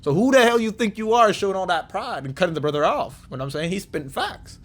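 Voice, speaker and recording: A man with a notably high voice gives casual reaction commentary. He talks in loose slang, mocking and scolding as he rants. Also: expressive, fast, fairly bright tone.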